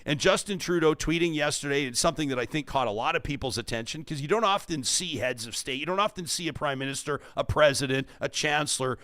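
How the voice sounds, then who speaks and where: A Canadian man hosting a political talk show, speaking emphatically and reading quotes aloud with a lively voice. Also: fairly high pitch, fast, hardly any pauses, no room sound, clean studio sound.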